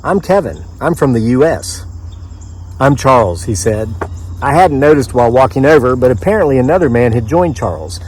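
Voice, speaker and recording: Author-narrator, male, from the US mid-Atlantic, outdoors in the woods; dry, chatty storyteller with offhand asides, average pitch. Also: lively intonation, brisk, darkish tone, slight background noise. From mid-Atlantic United States. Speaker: author reading his own story.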